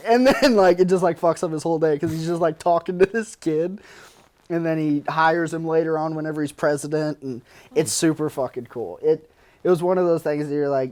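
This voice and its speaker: A man guest-hosting a podcast in casual chat, excitable and laughing often, swearing and full of fillers. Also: on the high side, fairly quick. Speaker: podcast producer, guest host.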